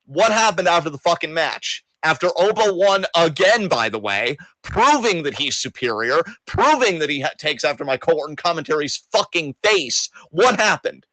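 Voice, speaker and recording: A man's voice: on the high side, animated, normal speed, hardly any pauses, pushed and bright, no echo, low-quality recording. A man co-hosting a wrestling podcast, ranting in a casual, sarcastic, exasperated way and swearing often. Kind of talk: casual profane wrestling rant.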